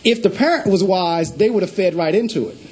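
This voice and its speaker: A man's voice: high voice, a little fast, a little mellow, slightly rough, poor audio. A middle-aged man, a school principal, giving a presentation to district staff and telling stories with emphatic, preacher-like delivery. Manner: storytelling speaker acting out phone calls.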